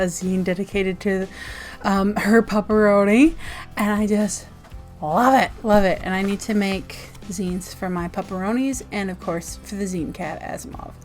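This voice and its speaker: A woman vlogger sharing zines from her mail in casual chat, bubbly and gushing with frequent giggles. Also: medium pitch. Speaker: zine reviewer vlogger.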